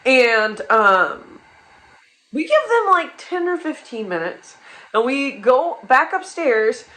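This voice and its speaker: A woman's voice: high-pitched, sing-song, slow pace, fairly bright tone, rough recording. A young woman telling a wild personal story in casual comedic style, rambling and profane, with many restarts and asides.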